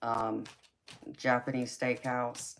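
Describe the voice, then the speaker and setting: A woman's voice: very deep voice, flat delivery, slow pace, a little hiss or hum. A young woman with a Southern drawl chatting casually with her livestream viewers, reading their comments aloud. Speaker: livestream host. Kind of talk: casual chat with live viewers.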